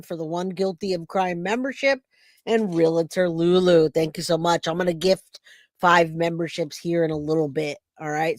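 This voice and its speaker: A woman's voice: on the low side, darkish tone, dry recording, clean studio sound. A woman hosting a true crime livestream, reacting to clips and greeting chat viewers by name. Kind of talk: casual livestream commentary.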